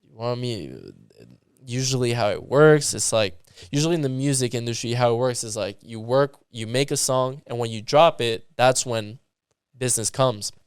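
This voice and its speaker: A man from Canada, a musician guest, telling a story in casual chat, animated and full of "like". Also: mid-range voice, normal speed, smooth, no room sound, studio quality. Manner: animated, filler-heavy with lots of "like".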